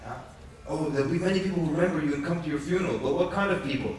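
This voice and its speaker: Guy giving a sermon in a big hall, kinda high voice, lots of echo, sounds far from the mic. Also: rapid-fire, slight background noise. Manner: animated storytelling with jokes and acted quotes. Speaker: preacher. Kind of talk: conference lecture. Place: large conference hall.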